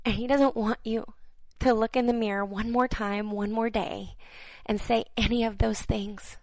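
Speaking as a minister to her viewers, a woman offers prophetic words with earnest, halting delivery. She repeats phrases for emphasis and sometimes sinks to near-whispers. Her voice is a little high and her delivery flat, in a dry, low-quality recording.

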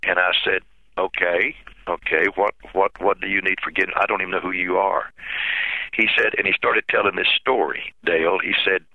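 A pastor, telling an emotional personal story in a halting way with many repeats, heard over a phone line. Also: male voice, low voice, fairly even intonation, creaky, dry recording.

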